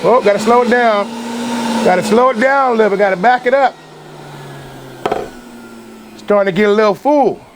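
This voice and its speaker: A man's voice: high-pitched, moderate pace, long pauses. A man chatting casually to the camera as he makes fresh juice, talking to viewers while he works. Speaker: vlogger making juice. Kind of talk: casual kitchen demonstration. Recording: loud juicer noise over voice.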